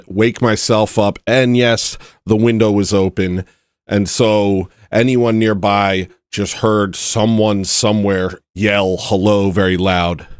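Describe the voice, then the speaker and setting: A man's voice: lowish voice, no echo, clean studio sound. Rambling, joking man on a livestream. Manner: rambling, joking, self-mocking. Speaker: livestream host. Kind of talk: casual livestream chat.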